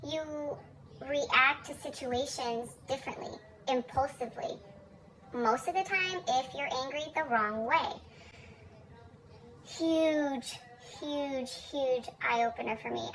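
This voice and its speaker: A woman's voice: sits high, a bit bright, poor audio. A young woman talking candidly in a personal vlog, blunt and profane with a self-mocking streak. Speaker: vlogger.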